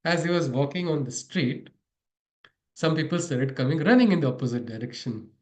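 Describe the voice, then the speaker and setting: Recorded in an echoey room, a spiritual teacher with a fairly high, expressive voice gives a storytelling spiritual lecture at a moderate pace with long pauses. He tells stories, chuckles often, and puts questions to his audience.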